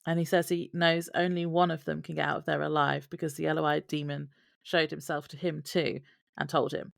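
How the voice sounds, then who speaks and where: A woman's voice: sits low, flat delivery, brisk, creaky. A woman co-hosting a podcast, summarizing episode events from her notes with wry asides. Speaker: podcast co-host. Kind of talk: casual podcast chat.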